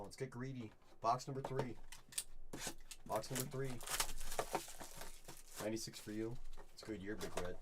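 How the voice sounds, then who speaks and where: A man hosting a live card break, chatting with viewers and calling out each pull with bursts of excitement. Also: mid-range voice, slight background noise. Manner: upbeat, chatty, reads chat and calls out pulls with bursts of excitement.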